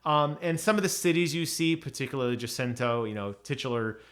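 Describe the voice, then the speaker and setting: A man's voice: mid-range voice, fairly even intonation, brisk, a bit bright. A man casually reviewing an audiobook on his channel, chatty, with many ums and restarts.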